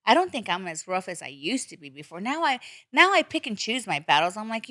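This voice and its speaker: A woman's voice: medium pitch, fairly quick, dry recording, studio quality. A woman podcast host in casual chat, telling stories bluntly with plenty of swearing. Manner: blunt, profane, animated storytelling.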